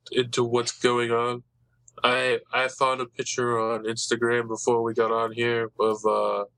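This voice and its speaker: A man's voice: medium pitch, pushed and bright, no echo, low-quality recording. A man hosting a casual podcast chat, rambling eagerly about comic books. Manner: rambling, eager comic-book fan talk.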